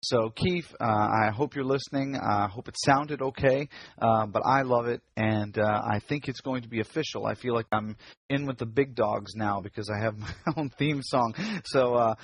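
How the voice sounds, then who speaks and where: A man hosting a casual podcast, his voice a little husky and rough at the edges. He talks in a friendly, rambling way, full of ums and restarts, recorded on his computer mic during a video call. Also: mid-range voice. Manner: chatty, many fillers and restarts. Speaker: podcast host.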